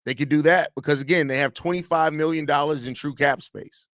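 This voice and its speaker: This man's voice is a little high and fairly quick, recorded at studio quality without echo. Hosting a live podcast, he reads out viewer comments and teases their senders, animated and addressing viewers directly.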